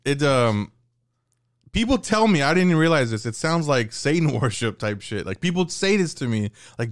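Ein Mann in seinen Dreißigern plaudert entspannt und derb fluchend als Gast in einem Podcast, mit ausschweifenden Grübeleien. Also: male voice, on the high side, sing-song, normal speed, no echo, studio quality. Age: 30s. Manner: laid-back, profane, rambling musings. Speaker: podcast guest, comedian. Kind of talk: casual podcast chat.

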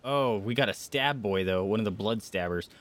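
A man streaming a video game live, rambling through his play and breaking into startled yelps and shouts when enemies surprise him. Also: fairly low pitch, normal speed. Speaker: gaming streamer. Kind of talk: live gameplay commentary.

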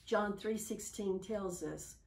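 A woman giving a church devotional, reading a story aloud in a calm, measured way. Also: mid-range voice, creaky, low-quality recording.

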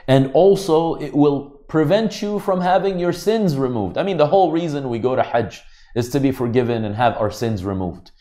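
A man's voice: medium pitch, dark tone. A man giving a religious lecture, explaining Arabic terms in an earnest teaching manner.

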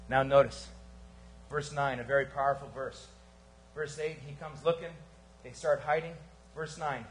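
A man preaching a sermon as pastor at a church service, swinging from fervent emphasis to hushed, quiet lines. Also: medium pitch, slight background noise. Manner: animated preaching with sudden quiet drops.

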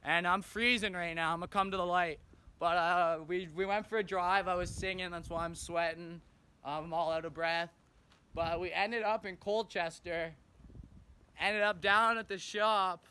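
A man's voice: sits high, measured pace, bright, forceful tone, clean tone. A young man from Canada vlogging casually on his phone outdoors, rambling and laid-back with plenty of slang. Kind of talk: casual vlog chat. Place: outdoors and in a car. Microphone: phone camera at arm's length.

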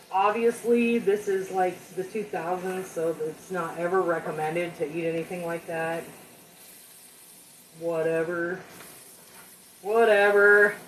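A home cook hosts a live cooking stream from her kitchen, chatting casually with viewers while making a simple meal and poking fun at herself. Her medium-pitched voice comes through a distant mic in a roomy space, with slight background noise and rough recording quality.

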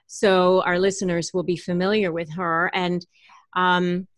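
A woman's voice: lowish voice, flat delivery, unhurried, no echo, clean studio sound. A middle-aged woman hosting a podcast interview, friendly and enthusiastic, with frequent ums and restarts. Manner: friendly, enthusiastic, hesitant with fillers. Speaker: podcast host.

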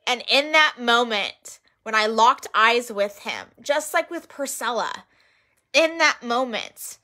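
A woman's voice: a little high, slow pace. A woman casually recounting her outreach stories, earnest and emotional, acting out what people said to her. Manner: earnest, emotional, retells quotes in lively voices. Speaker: missionary sharing outreach stories. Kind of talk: casual storytelling chat.

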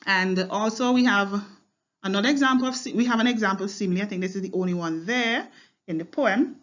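A woman's voice: mid-range voice, brisk, muffled recording. Woman explaining a poem, thinking aloud. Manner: explanatory, repeats words with fillers and checks with "right?" and "okay?". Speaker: teacher. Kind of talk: line-by-line poetry analysis lesson.

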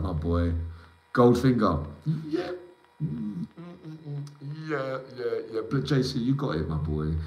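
A man's voice: lowish voice, darkish tone. A man hosting a livestream, rambling emotionally and calling out viewers by name in slangy casual talk. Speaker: livestream host. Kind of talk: rambling live chat with viewers. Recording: echoey room.

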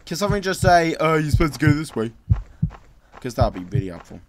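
A man narrates his horror game run in a fairly high voice that leaps about wildly. He grumbles and mutters sarcastically, then bursts into startled screams. The recording carries a clear layer of background noise. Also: big pitch swings, quick pace. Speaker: gameplay commentator. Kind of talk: horror game let's play commentary.

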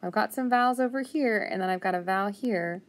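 A woman teaching a phonics lesson, thinking aloud and patiently sounding out words, with steady praise. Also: mid-range voice, a little fast.

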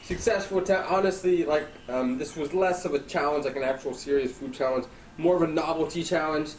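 A man's voice: a little high, a little fast, a little mellow, reverberant, a little hiss or hum, poor audio. A man doing a food challenge on camera, hyped and joking, with playful boasting. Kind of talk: casual vlog commentary.

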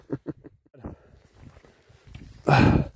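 A Scottish man fishing outdoors by a loch, giving excited, sweary commentary and shouting to a friend across the water. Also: very slow. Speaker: fishing vlogger.

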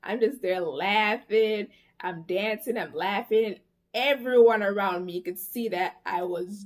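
A young woman tells a story to her vlog camera. She talks casually and with spirit, full of slang and cussing, and breaks into quick quoted lines. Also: mid-range voice. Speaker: vlogger.

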